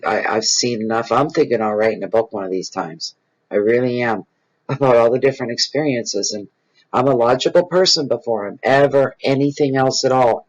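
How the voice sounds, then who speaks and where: A man rambles expressively to his viewers as a tarot channel host, circling back on his own phrases. His voice sits on the low side with a husky, breathy edge. The recording sounds dull and lo-fi. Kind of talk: casual improvised spiritual talk to viewers.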